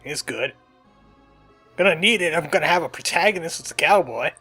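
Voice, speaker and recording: A man's voice: on the high side, animated, fairly quick, long pauses, sharp tone, slightly rough. A man casually commenting on a game he is playing as the channel's let's play host, chatty and joking, slipping into a cowboy voice now and then. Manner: chatty, jokey, puts on a cowboy voice. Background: faint game music.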